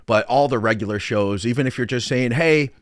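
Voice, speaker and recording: A man's voice: medium pitch, steady tone, fairly quick, dry recording, clean studio sound. A middle-aged American man hosting a live podcast stream, greeting viewers and reading comments in an upbeat, chatty way. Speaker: podcast host and coach. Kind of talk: casual live-stream chat.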